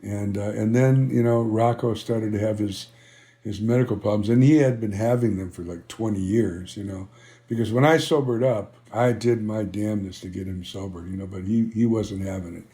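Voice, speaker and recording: A warm, fairly low voice at a moderate pace tells conversational stories; it belongs to an older man who founded a band and is being interviewed. He rambles, fills with "you know," and acts out old conversations.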